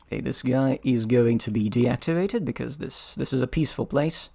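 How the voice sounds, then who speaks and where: A man with a medium-pitched, creaky, warm and husky voice talks at a moderate pace while playing a strategy board game solo. He deliberates out loud, muttering about the rules as he chooses what to do.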